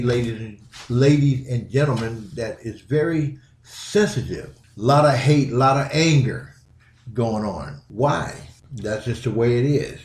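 A man's voice: medium pitch, darkish tone, roomy sound. A middle-aged man hosting his own podcast, talking bluntly and casually and repeating himself for emphasis. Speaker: podcast host. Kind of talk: casual solo podcast commentary.

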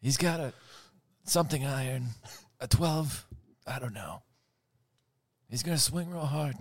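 A man voicing a gruff mobster giving golf commentary in a mumbling, hushed way. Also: medium pitch, measured pace, lightly acted.

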